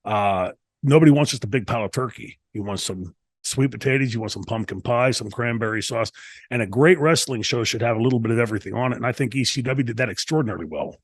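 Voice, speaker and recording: A medium-pitched American man speaks fast as an interview guest, a former wrestler spinning long, rambling stories full of restarts in a casual shoot interview. There's no room sound.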